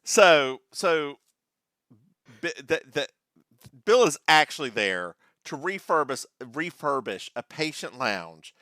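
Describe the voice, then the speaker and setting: Man, campy podcast co-host, bright lively voice, dry close mic. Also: takes it slowly, no room sound. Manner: campy, jokey, bursts into falsetto singing. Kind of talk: casual recap chat.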